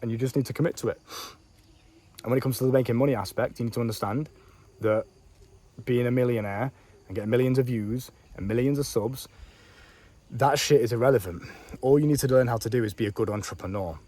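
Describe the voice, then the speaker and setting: A man talks quickly and bluntly, coaching the listener in a casual vlog recorded outdoors. His speech is profane and full of slang, and he addresses the listener directly. Insects and crickets chirp behind him. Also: medium pitch, mellow. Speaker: online business coach. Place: outdoors on a bench in a warm country.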